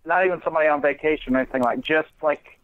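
A man from Indiana, a comedian guest on a podcast, talking in a relaxed, hesitant way with many fillers. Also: a little high, racing, no echo. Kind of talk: casual podcast interview. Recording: dry, dull lo-fi sound.

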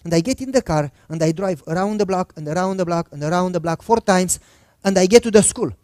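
A middle-aged male pastor preaches a sermon, telling a personal story conversationally and acting out the dialogue. His voice sits high and is a little mellow, at a quick pace, in a dry, clean studio recording.

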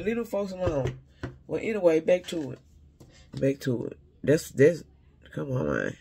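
A man's voice: on the high side, mellow. A man giving a casual spiritual reading to his viewers, rambling and talking straight to them while often second-guessing his own words.

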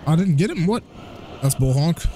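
Excitable man giving game commentary. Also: a little high, normal speed, noisy background. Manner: excitable, exclamatory, trash-talks the enemies. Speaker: gaming channel host. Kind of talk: let's play commentary. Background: game music.

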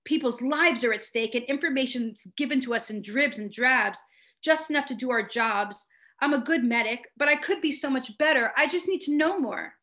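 An earnest young male medic from a storybook, pleading with quiet, steady insistence, voiced by a woman reading aloud. He sits in a fairly high register and never lets the matter drop. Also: moderate pace.

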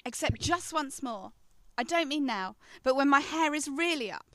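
Woman playing a high, lively young daughter. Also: moderate pace, dry recording. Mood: wistful. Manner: coaxing, bright and affectionate. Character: eager young daughter, playful and adoring. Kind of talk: amateur radio play acting.

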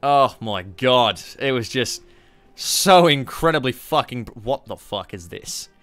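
Young Australian streamer on a mic, loose and foul-mouthed, with faint music behind him. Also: male voice, mid-range voice, animated, a little slow, a bit bright. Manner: profane, rambling, joking. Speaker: game streamer. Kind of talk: live gameplay commentary. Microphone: streaming microphone.

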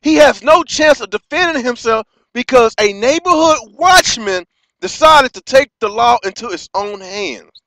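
An American man delivering an impassioned vlog rant, halting and restarting often and swearing freely. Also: very high voice, expressive, sharp tone, dry recording. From United States. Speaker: vlogger.

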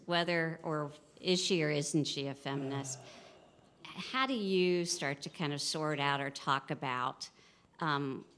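A woman's voice: sits low, a bit bright. A woman from the audience asking a question at a public forum, hesitant and searching for words with many ums.

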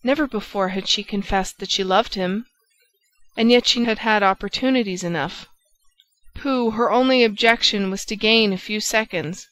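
A woman's voice: mid-range voice, normal speed, a bit bright, poor audio. Woman narrating a classic novel. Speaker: audiobook narrator.

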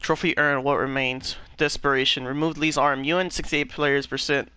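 A man's voice: medium pitch, level tone, moderate pace, pushed and bright, clean tone, no room sound. A young man hosting a gaming channel, reacting emotionally with constant swearing and reading game text aloud.

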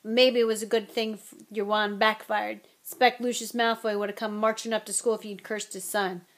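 A woman voicing a huge, gruff male half-giant groundskeeper who talks loudly and bluntly, growling, in an audiobook reading. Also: mid-range voice, little pitch movement, moderate pace, natural voice. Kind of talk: audiobook character voice.

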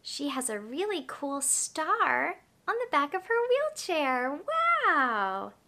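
A woman in her thirties hosting a children's educational video, with an animated, slow and clear sing-song delivery for toddlers. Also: high-pitched. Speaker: preschool teacher host.

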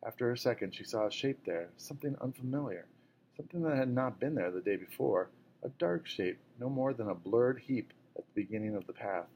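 A man reading a novel aloud in a steady way, now and then correcting a slip. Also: medium pitch, a little fast, slight background noise, low-quality recording. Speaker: reader.

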